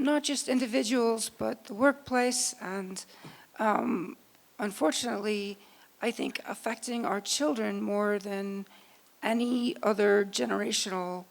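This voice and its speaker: A woman in the audience asking a speaker an earnest question, slowly searching for her words. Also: on the high side, gravelly, low-quality recording. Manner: slow, earnest, groping for words.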